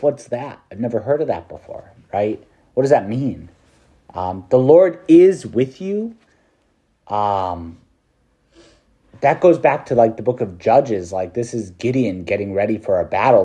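A man's voice: mid-range voice, expressive, normal speed, mellow, highs cut off. A male priest preaching a meditation to students in a casual, chatty way, with slang and laughter.

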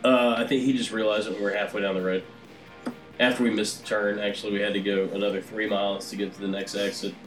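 A man's voice: on the low side, level tone, fast talker, echoey room, soft background music, rough recording. A man chatting casually on a fishing podcast, laid-back and hesitant with fillers. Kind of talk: casual chat.

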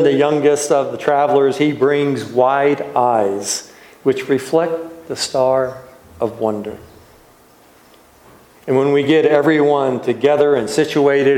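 A man, a pastor, giving a reflective sermon in a gentle, unhurried way with soft trailing pauses. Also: medium pitch. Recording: echoey room.

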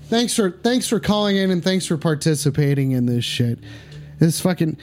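A man hosting a call-in stream show, excitable and crude, swearing a lot and joking around. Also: fairly high pitch, moderate pace, slight background noise. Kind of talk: casual profane streaming chat.

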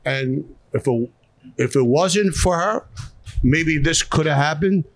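This middle-aged restaurateur from South Philadelphia has a Philadelphia accent and a fairly high-pitched voice, speaking slowly on a dry recording. As a guest on a podcast interview, he talks with blunt emotion and tends to say things more than once.

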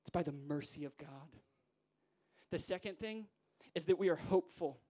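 A man preaching a sermon in a church, moving from hushed, quiet passages to rousing, emphatic ones. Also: on the high side, moderate pace. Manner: builds from hushed to rousing, voices quoted figures.

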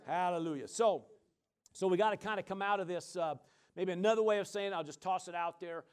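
A man preaching a sermon, his voice sitting a little high for a man. He talks in a loose, conversational way, full of fillers and call-and-response amens. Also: brisk, clean tone. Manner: casual, conversational delivery with many fillers. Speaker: pastor.

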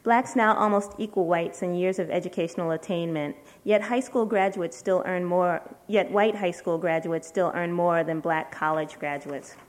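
Woman reading a letter aloud, measured. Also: fairly low pitch, steady tone. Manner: measured, deliberate reading with slow emphatic pauses. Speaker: writer reading at a literary event.

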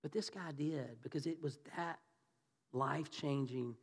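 A man's voice: fairly high pitch, a little slow, husky. A man preaching a conversational sermon in church, asking the congregation questions and acting out the voices of the people in his story. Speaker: pastor. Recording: reverberant church hall.

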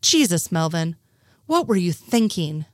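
A woman's voice: on the low side, big pitch swings, unhurried, no echo, clean studio sound. A woman reading the lines of an exasperated male FBI agent in her own voice.

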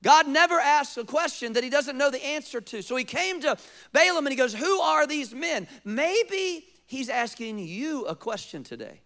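Animated high-voiced male preacher. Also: normal speed. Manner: animated preaching, acting out quotes, rhetorical questions. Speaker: pastor. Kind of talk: sermon.

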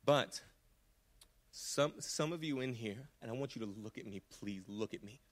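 A man's voice: medium pitch, moderate pace. A man preaching a sermon in a church, earnest and impassioned, often restarting his words. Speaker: pastor. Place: church sanctuary.

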